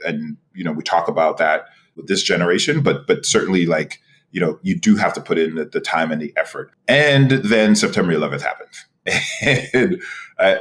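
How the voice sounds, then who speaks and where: A man in his forties from New York, a podcast guest telling his career story in an animated way, with many restarts and a repeated "right?". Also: low voice. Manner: animated, frequent laughs and restarts, rhetorical "right?". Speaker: podcast guest, executive director. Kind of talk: storytelling interview.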